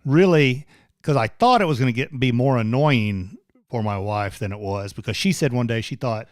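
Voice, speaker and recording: A man's voice: medium pitch, normal speed, no echo, clean studio sound. A man co-hosting a casual live-stream chat, telling everyday stories and laughing easily. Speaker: co-host.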